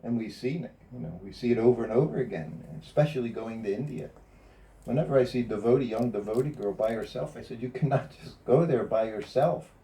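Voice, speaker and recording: A man's voice: mid-range voice, brisk. A man casually telling anecdotes to a small group, laughing often and acting out what others said. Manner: laughs often, quotes others in lively asides. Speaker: former personal servant recalling memories. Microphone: phone or camera from a distance. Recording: distant phone recording.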